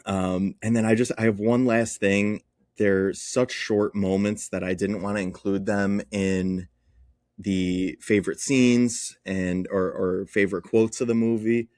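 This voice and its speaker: A man's voice: lowish voice, steady tone, unhurried, a little mellow, no echo. A young man, a podcast co-host, chatting casually and telling stories with easy laughs. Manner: storytelling, laughs easily. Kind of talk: casual chat.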